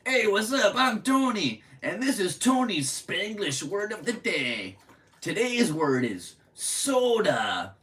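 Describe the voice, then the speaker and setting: A man putting on a loud, brash male radio DJ caricature, shouting with an exaggerated put-on accent. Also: sits high, big pitch swings, slow, distant mic, pitched above the performer's own voice, full character voice. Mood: mocking. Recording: echoey room from off-mic.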